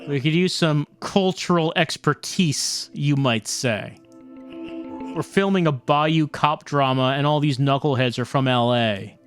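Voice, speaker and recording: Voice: medium pitch, unhurried, faint music behind, close to an everyday voice. A streamer doing a rude, brash film director. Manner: brash, insulting, bossy. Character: small energetic male film director, rude and pompous.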